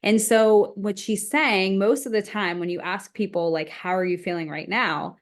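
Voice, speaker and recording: A woman co-presenting a casual team training, explaining each step in a steady way. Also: medium pitch, normal speed. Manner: explanatory, steady, talks through steps.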